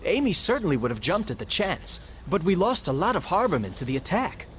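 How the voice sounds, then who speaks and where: An actor voicing an earnest, dutiful young village militiaman in a video game, sincere and warm-hearted. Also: high-pitched, sing-song, fairly quick, slight background noise.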